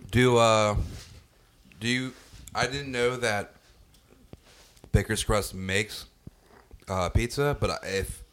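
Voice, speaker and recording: A man in a casual food-review chat with friends, rambling and restarting his sentences, quick to laugh. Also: on the low side, fairly even intonation, fairly bright tone, clean tone. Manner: rambling, self-interrupting, laughs easily.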